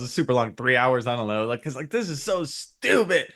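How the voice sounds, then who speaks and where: A man's voice: mid-range voice, big pitch swings, brisk, fairly bright tone. A man co-hosting a podcast, talking in a rambling, hedging, easygoing way. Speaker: podcast co-host. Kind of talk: casual chat.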